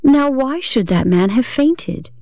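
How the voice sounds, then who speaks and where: A woman's voice: high voice, animated, slow, mellow, no echo, clean studio sound, faint music behind. A woman reading a first-person story aloud, in a dramatic, unsettled manner with a shifting tempo. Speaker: reader.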